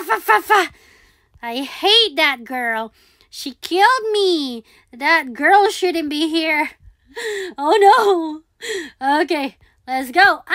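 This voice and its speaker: A high-voiced woman talks her way through a game at an unhurried pace. She repeats her words and pleads with the game as she plays. Her voice sits dry and close to the mic. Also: sharp tone, no room sound. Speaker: gaming video creator. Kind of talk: live gameplay commentary.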